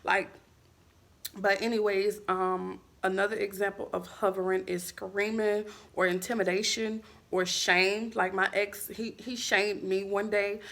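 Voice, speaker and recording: A woman's voice: mid-range voice, gravelly, fairly bright tone. A woman vlogger talking casually and bluntly to camera, full of fillers and frank swearing. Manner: candid, filler-heavy, blunt with profanity. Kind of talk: casual vlog talk to camera.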